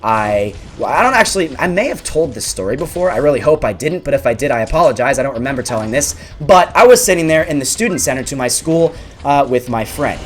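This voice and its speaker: A young man hosting a gaming video, telling a school story over gameplay in an animated, exaggerated way. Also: medium pitch, quick pace, a little hiss or hum. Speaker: gaming channel host.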